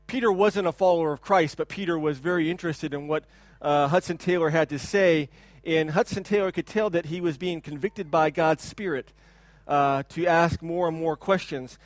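Guy pastor giving a sermon, kinda high voice, earnest, restarts a lot. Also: normal speed, no echo. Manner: earnest storytelling, quiet and reflective at the end.

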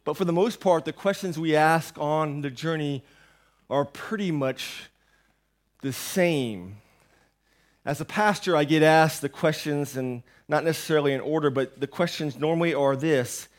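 At a measured pace and fairly high pitch, a male pastor in his thirties preaches loosely in church, teasing himself as he drifts from point to point. He's unwell, with a sore throat, and on medication, giving the sermon a conversational feel.

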